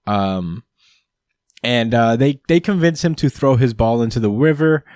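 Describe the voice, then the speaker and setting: A man's voice: mid-range voice, animated, a little slow, darkish tone, no echo. Chatty man with a dry close sound. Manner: rambling, full of ums and uhs, laughs often. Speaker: podcast host. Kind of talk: casual manga recap chat.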